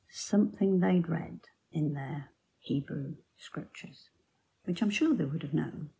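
Slow, gravelly woman telling a Bible story. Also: deep voice, rough recording. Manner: slow storytelling, drops to soft near-whispers. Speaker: Bible teacher. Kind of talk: devotional Bible talk.

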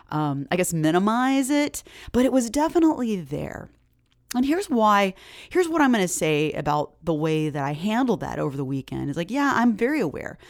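A woman hosts her own podcast, chatting in an animated, encouraging way with plenty of "like" and "um". Her voice sits on the low side and the sound is dry and close, with no room around it. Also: no echo. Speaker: podcast host. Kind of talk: casual solo podcast talk.

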